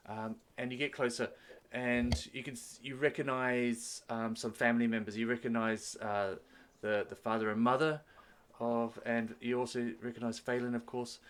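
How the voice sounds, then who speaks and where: A man's voice: medium pitch, level tone, moderate pace, few pauses, a bit bright, a little hiss or hum. A man narrating as game master on a streamed tabletop game, telling the story loosely with many restarts.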